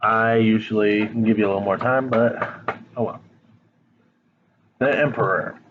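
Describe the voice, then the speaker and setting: Man, unhurried tarot reader, lowish voice, frank and blunt, slightly dull home recording. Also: steady tone, noisy background. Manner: blunt, frank, swears casually, speaks straight to the viewer. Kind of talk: casual tarot reading to camera. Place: home, dog nearby.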